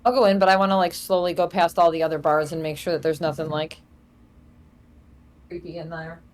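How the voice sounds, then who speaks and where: A woman playing a tabletop game, chatting casually in a brisk, assertive way. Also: on the low side, little pitch movement. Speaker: player. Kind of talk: casual chat.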